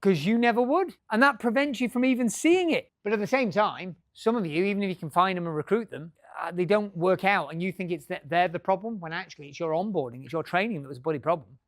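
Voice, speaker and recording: A man's voice: high-pitched, expressive, fast talker, few pauses, no echo, clean studio sound. A middle-aged man giving a business talk to a live audience, joking and swearing freely. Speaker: business speaker.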